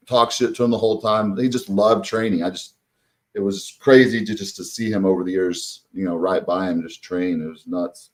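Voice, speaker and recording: A man's voice: sits low, a little mellow. A man hosting a casual interview, talking loosely with many fillers. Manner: loose, filler-heavy, says "y'all". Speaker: host.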